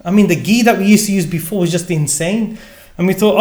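A man, a gin distillery founder, telling a lively story in conversation and acting out the dialogue. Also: fast talker. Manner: acts out quoted dialogue with changing pitch. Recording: echoey room.

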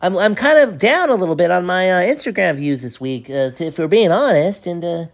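A man voicing an anxious, overachieving little boy who rambles earnestly about his worries, pitched well above his own voice. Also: animated, brisk. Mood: worried.

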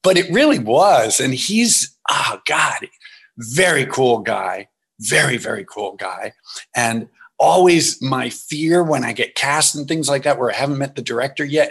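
A man's voice: medium pitch, moderate pace, slightly rough. A man, an actor guest in an interview, telling anecdotes with laughs and acted-out quotes. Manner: animated, laughing, acts out quotes.

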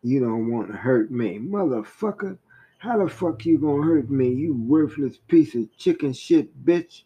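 A man playing an enraged male inmate who spits profane insults, pitched higher than his usual voice and drawn out slowly. The recording sounds dull and lo-fi. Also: lively intonation, husky, exaggerated voice. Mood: furious. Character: furious, crude male prisoner voicing his anger.

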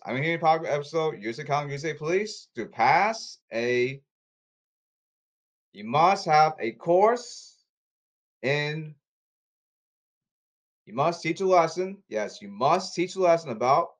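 Insistent man rambling to camera. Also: fairly high pitch. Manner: repetitive, insistent, restarts often.

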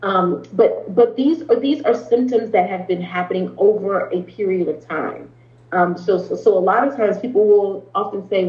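A woman's voice: mid-range voice, normal speed. Earnest woman therapist in a roomy recording. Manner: earnest, explains at length with frequent ums and restarts. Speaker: therapist, podcast guest. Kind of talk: conversational interview talk. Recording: roomy, slightly dull sound.

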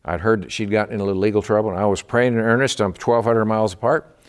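A man from Texas gives a midweek sermon with fervent emphasis, his voice sitting on the low side. He preaches with conviction and an earnest, pressing drive. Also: fairly even intonation, quick pace, smooth. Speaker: pastor.

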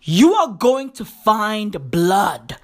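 A woman's voice: mid-range voice, big pitch swings, extremely slow. A woman with a South African accent delivering a profane, slangy comic rant with mocking, emphatic repetition.

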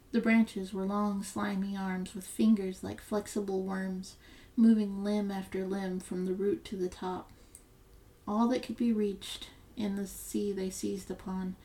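A woman narrating a fairy tale as a storyteller, in a steady, measured reading. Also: medium pitch, low-quality recording.

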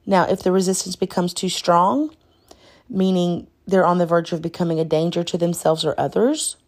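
Woman explaining stuff on her podcast, calm, keeps saying right?, bit of fry in her voice. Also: on the low side. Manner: conversational, often ends points with "right?"; calm, repeats key points. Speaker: podcast host teaching caregivers. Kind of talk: instructional podcast talk.

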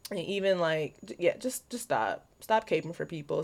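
A woman's voice: deep voice, moderate pace, creaky, hardly any pauses, a little mellow. A young adult woman hosting a solo podcast, ranting bluntly and profanely with constant "like" fillers. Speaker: podcast host. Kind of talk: casual solo podcast rant.

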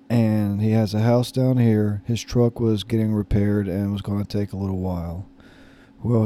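A man's voice: lowish voice, mellow. A man in his thirties casually telling a story, rambling and hesitant with many fillers and restarts. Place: lives in Florida.

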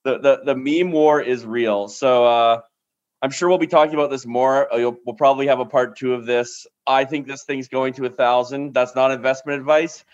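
A man's voice: medium pitch, steady tone, normal speed. A man hosting a podcast chat, emphatic and punchy, often checking in with "right?". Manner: emphatic, talks in bursts with lots of "right?". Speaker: podcast host. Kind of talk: casual conversational interview. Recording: dull lo-fi sound.

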